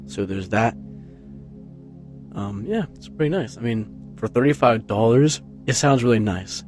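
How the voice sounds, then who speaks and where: Low-key rambling man on a desk mic. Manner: rambling, many fillers and restarts, low-key. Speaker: vlogger. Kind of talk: casual rambling chat. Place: carpeted room at home. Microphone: tabletop USB microphone, close, with headphones on.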